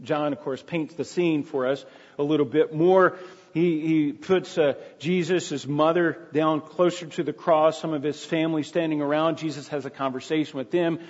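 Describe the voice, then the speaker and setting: A man's voice: on the high side, steady tone, moderate pace. A man preaching a sermon, retelling a story in a plain storytelling way with frequent restarts. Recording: dull echoey hall.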